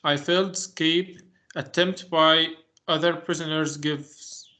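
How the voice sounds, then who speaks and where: A male student reading a passage aloud in an online class, halting and careful. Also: fairly high pitch, fairly even intonation, sharp tone. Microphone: video call.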